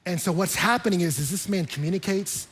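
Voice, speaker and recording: A man's voice: high voice, fast talker, fairly bright tone, slightly rough. A pastor preaching a conversational sermon with humor, acting out quoted voices as he explains scripture. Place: church.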